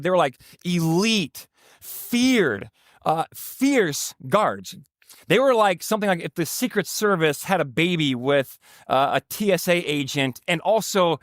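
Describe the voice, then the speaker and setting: A man's voice: fairly high pitch, fairly bright tone, no room sound, clean studio sound. A man, a pastor, preaching a sermon in a conversational way with joking asides to the congregation.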